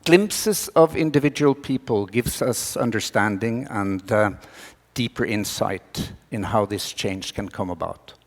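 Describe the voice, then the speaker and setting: A man's voice: lowish voice, unhurried, in a large hall. A middle-aged man from Norway with a Norwegian accent, giving a talk to students with slides, earnest and rousing with wry jokes.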